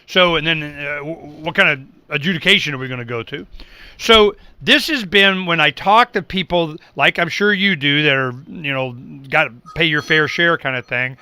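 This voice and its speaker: A man's voice: a little high, moderate pace, sharp tone, clean tone, no echo. A middle-aged man hosting a political talk show, speaking emphatically and acting out the people he quotes. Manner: emphatic, acts out quoted people, repeats words when worked up.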